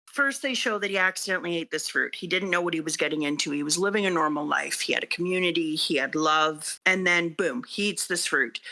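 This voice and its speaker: Bright-voiced middle-aged woman, heartfelt. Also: fairly low pitch. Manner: heartfelt, animated storytelling. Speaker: guest, teacher reading manga for the first time. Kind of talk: casual podcast chat.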